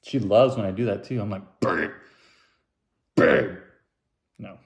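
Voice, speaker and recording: A young adult man hosting a casual solo podcast, rambling with self-mocking jokes and dropping into silly high voices when quoting people. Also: steady tone, fast, mellow. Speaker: podcast host.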